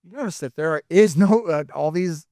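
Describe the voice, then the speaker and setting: A man's voice: fairly high pitch, normal speed, dark tone, no room sound, studio quality. An American man on a casual podcast, talking emphatically with knowing asides and frequent tag questions like "right?". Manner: emphatic, conspiratorial asides, keeps asking right?. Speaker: podcast co-host.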